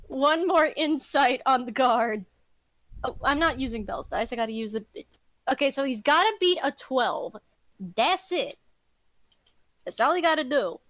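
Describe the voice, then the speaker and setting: A woman narrating a tabletop game as game master, animated, laughing and casual. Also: high voice, dry recording, low-quality recording.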